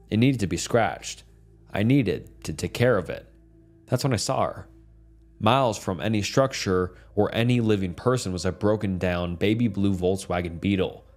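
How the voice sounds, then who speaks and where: Deep-voiced man narrating horror. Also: a little mellow. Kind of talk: scripted first-person horror narration.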